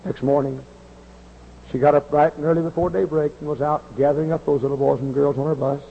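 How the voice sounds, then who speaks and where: A man's voice: a little high, steady tone, brisk, vocal fry, long reverb tail, slight background noise. A man preaching a revival sermon before a large congregation, telling stories with passion and hollering. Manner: hollering, impassioned storytelling. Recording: muffled lo-fi recording.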